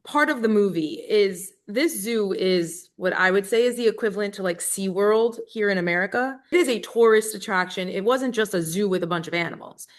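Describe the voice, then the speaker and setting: A woman's voice: mid-range voice, brisk, hardly any pauses. A woman conducts an interview in a conversational tone. She reacts with short affirmations and follows up with her own questions and comments.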